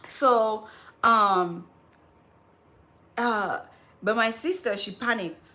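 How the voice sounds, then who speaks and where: A woman in her thirties hosting a live stream, telling a personal story in an animated, chatty way. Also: fairly high pitch, very slow. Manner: animated storytelling, calls listener "girl". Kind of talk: casual live-stream chat.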